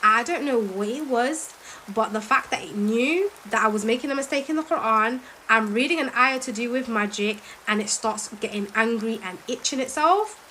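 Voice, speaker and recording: A woman, telling a story in an animated, emphatic way and reciting verses quickly. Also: fairly high pitch, a little hiss or hum, rough recording. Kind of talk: casual storytelling.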